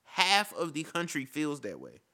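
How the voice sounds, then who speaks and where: A man's voice: fairly high pitch, huge pitch swings, a little slow, pushed and bright. A man giving an impassioned casual monologue, repeating his points and calling the listener "bro". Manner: impassioned, repetitive, says "bro".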